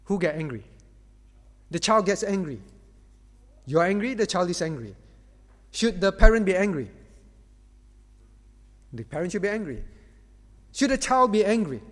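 A male pastor preaching to parents, animated, acting out quoted parents and teens and calling on listeners by name. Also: high voice, normal speed, long pauses. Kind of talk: sermon to parents. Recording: long reverb of a hall.

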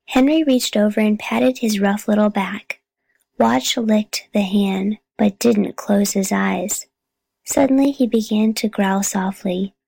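A woman narrating a children's chapter book in a calm, steady reading voice. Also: medium pitch, slow pace, creaky, no echo, rough recording. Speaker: audiobook reader. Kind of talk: storybook narration.

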